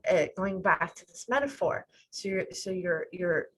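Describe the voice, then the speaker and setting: A woman's voice: on the low side, moderate pace, husky, rough recording. A woman life coach, a podcast guest speaking over a video call, explaining her ideas with metaphors. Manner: explains with metaphors, acts out quoted voices.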